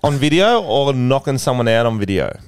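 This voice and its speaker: A man, hosting a podcast in casual chat, teasing with quick quips. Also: medium pitch, big pitch swings, smooth, dry recording. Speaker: podcast host.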